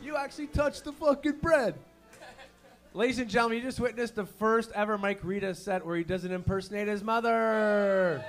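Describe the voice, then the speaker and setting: A Canadian man emceeing a comedy night, loud and joking as he hypes the crowd and introduces acts. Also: high voice, normal speed, faint music behind. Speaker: comedy show host.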